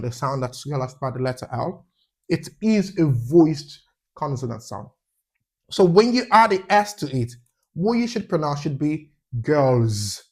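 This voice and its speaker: A man teaching an English pronunciation lesson, often checking in with "yeah?" and slowing down to stress example words. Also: mid-range voice.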